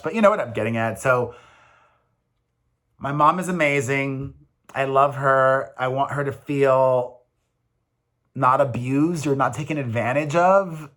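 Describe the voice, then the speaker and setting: Male vlogger, 40s, slightly high voice, rambling and emphatic, casual confessional delivery. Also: a bit bright. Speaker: vlogger, single father.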